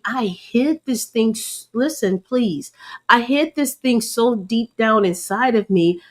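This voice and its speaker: Woman, ministry leader, live testimony, candid, emotional, talks straight to y'all. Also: medium pitch. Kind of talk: live-streamed testimony and preaching.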